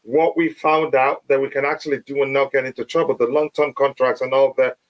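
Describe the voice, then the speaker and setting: A man's voice: mid-range voice, level tone, brisk, lo-fi sound. A man hosting a casual live stream, hesitant with many fillers, losing his voice. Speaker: host.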